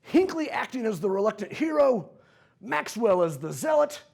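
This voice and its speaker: Jokey history teacher guy in his 40s, husky voice, kinda high, bouncing all over the place. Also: normal speed. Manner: playful, jokey, animated storytelling. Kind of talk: comedic history vlog.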